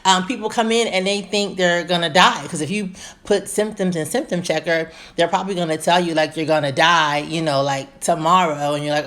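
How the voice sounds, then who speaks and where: A woman's voice: on the low side, steady tone, fairly quick, fairly bright tone. Bubbly woman doctor greeting live viewers. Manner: bubbly, greets viewers by name, many fillers. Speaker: gynecologist hosting a live stream. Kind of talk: casual live-stream chat.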